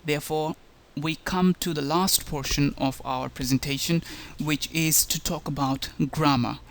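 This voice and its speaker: A man's voice: a little high, steady tone, unhurried, creaky. A man, a language instructor, narrating a slideshow lecture in an explanatory way and stressing key words.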